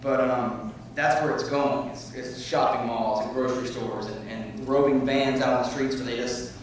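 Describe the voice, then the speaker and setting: A man giving impassioned public comment at a community forum. He rambles, then grows loud and heated. He is picked up from far off in an echoey meeting room with faint noise behind him. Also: mid-range voice, steady tone, moderate pace.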